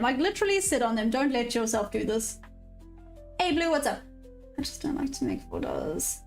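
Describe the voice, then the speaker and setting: A woman's voice: fairly high pitch, gravelly. A South African woman trading live on stream, chatting casually and answering viewers' messages. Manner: chatty, reads chat aloud and answers viewers. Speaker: livestream day trader.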